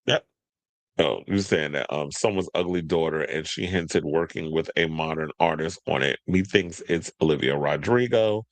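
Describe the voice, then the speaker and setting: A man's voice: very deep voice, moderate pace, no room sound. A man hosting a celebrity gossip show, chatting casually in a sassy way with slang asides as he reads out news items. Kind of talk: casual commentary, reading news aloud.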